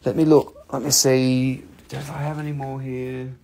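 A man hosting a live gem sale, talking casually and excitedly and swearing freely. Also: medium pitch, normal speed, gravelly. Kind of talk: live sales stream.

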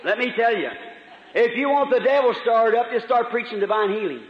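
A man preaching a revival sermon, moving between loud fervent preaching and quiet storytelling. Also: very high-pitched, brisk, a little hiss or hum. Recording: dull old hall recording with echo.

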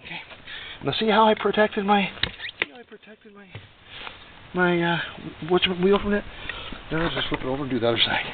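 A man talks through a repair job in a loose, folksy way, drifting into joking asides as he works. His voice sits in an ordinary middle pitch. The recording is thin and phone-like, picked up from a distance with clear noise behind him. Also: a little fast, long pauses. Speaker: DIY motorcycle repair vlogger. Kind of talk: casual how-to demonstration. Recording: tinny distant noisy phone-like sound.

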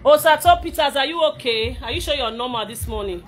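A young Nigerian woman chatting excitedly to fans on a live video, slipping between English and Pidgin and bursting into shouts and laughter. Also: high-pitched, a little fast, faint music behind. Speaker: social media personality.

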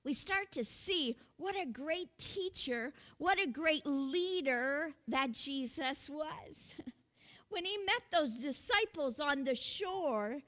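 A woman's voice: sits high, animated, slow, fairly bright tone. A woman pastor preaching a sermon in an earnest way, calling out to her congregation and laughing lightly between points.

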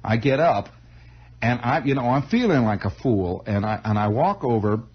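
A man spinning an improvised radio story, his husky voice circling back and restarting phrases as he goes. The sound is a muffled, lo-fi 1960s broadcast. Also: medium pitch, lively intonation. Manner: rambling, halting, many restarts.

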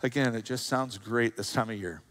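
A man preaching a sermon, telling a story and acting out the quoted lines with a joking, lively delivery. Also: medium pitch, moderate pace. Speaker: pastor.

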